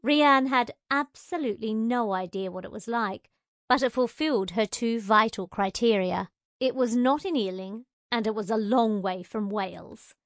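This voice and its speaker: A woman narrating a novel in a measured, wry storytelling manner. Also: fairly high pitch, no room sound, studio quality. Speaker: audiobook narrator. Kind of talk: scripted narration.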